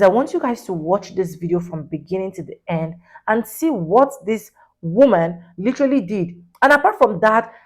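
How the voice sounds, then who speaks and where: A woman's voice: medium pitch, darkish tone. A woman hosting a reaction commentary video, talking in an emphatic, indignant way and repeating her points. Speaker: commentary vlogger.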